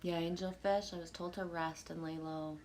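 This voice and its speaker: A woman on a live stream at home, reading viewer comments aloud and answering them in a relaxed, rambling way with frequent fillers and soft laughs. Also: lowish voice, normal speed, a little hiss or hum. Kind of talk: casual live-stream chat.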